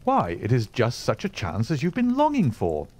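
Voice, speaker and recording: A man's voice: mid-range voice, wildly swooping pitch, normal speed, darkish tone. A man reading aloud and voicing an earnest, easily impressed male companion who talks in an eager, exclaiming way.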